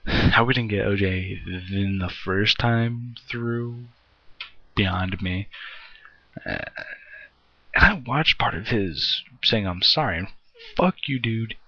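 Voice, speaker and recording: Deep-voiced young man ranting angrily. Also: slow pace, pauses often, dry recording, highs cut off. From United States. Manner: swears heavily, frustrated, sighs often. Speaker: vlogger. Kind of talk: angry ranting vlog.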